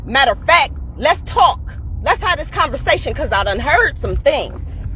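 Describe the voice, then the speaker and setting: A woman's voice: high voice, sing-song, moderate pace, bright, forceful tone. A woman in her forties ranting to her phone camera, blunt and emphatic, swearing heavily and repeating her points. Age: 40s. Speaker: school cafeteria worker. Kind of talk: profane personal rant to camera.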